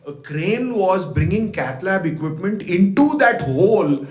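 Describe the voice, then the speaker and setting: A man's voice: fairly high pitch, animated, moderate pace. A man with a slightly raised voice tells personal stories to a gathering, voicing the words of the people in them. His reflective talk rings in a roomy hall. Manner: reflective, retells events with quoted dialogue. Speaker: guest speaker at a devotional birthday program. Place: devotional center hall.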